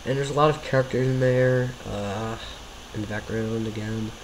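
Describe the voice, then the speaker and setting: A man talks through his own homemade videos in a loose, rambling way, apologizing for his mistakes as he goes. His voice sits at an ordinary middle pitch, and a faint hiss runs under the recording. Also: steady tone, moderate pace, rough recording. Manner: rambling, self-deprecating, apologetic. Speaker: video creator commenting on his own series. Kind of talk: casual commentary over his own videos.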